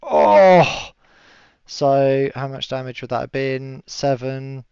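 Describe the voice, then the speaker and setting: A man running a tabletop game as game master, relaxed and chatty, laughing often and yelling enemies' cries in high voices. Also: measured pace, smooth, no room sound. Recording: dull lo-fi stream audio, dry.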